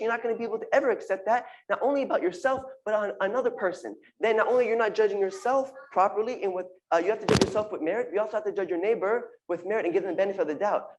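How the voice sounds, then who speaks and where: A medium-pitched voice, with the high frequencies cut off, belongs to a congregation member giving a drash. The informal sermon talk is earnest, with repeated phrases and Hebrew terms.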